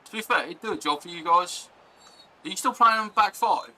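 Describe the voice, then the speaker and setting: A man's voice: high-pitched, a little fast, bright, forceful tone, low-quality recording. A young man chatting casually on a live stream, rambling and reacting to chat and gameplay.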